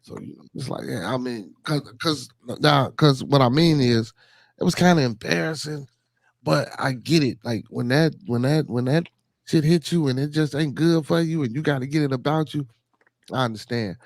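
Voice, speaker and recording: A man's voice: medium pitch, normal speed, no echo. Rambling bearded man hosting a chat stream. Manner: loose and rambling, repeats phrases, many fillers. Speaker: podcast host. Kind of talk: casual livestream chat with viewers.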